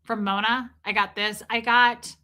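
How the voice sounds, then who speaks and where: Her voice sits on the high side with little pitch movement, unhurried and sharp. The middle-aged livestream host keeps the live chat casual, wandering through stories while reading out and responding to comments.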